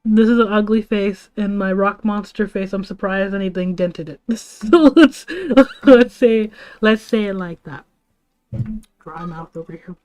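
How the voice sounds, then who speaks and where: A woman's voice: medium pitch, unhurried, darkish tone, soft background music. Rambling young woman telling school stories. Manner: rambling, laughing, lots of "like" and "bro". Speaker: livestreamer. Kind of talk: casual storytelling to a live chat.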